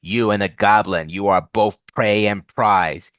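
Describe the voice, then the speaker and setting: A man's voice: on the low side, fairly even intonation, measured pace, a bit bright, dry recording, clean studio sound. A man reading as a smug aging villain thief. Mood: smug taunting. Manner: grandiose, taunting.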